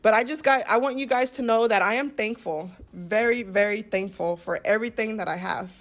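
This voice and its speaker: A woman's voice: a little high, fairly quick. Earnest, rambling woman. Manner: earnest, rambling, often repeats words like "very, very". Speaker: lifestyle vlogger. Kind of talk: heartfelt voice-over chat.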